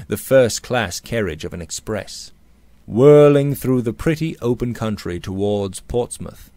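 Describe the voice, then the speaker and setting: A man narrating a Victorian novel aloud in a measured, expressive storytelling manner. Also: mid-range voice, no room sound. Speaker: audiobook narrator.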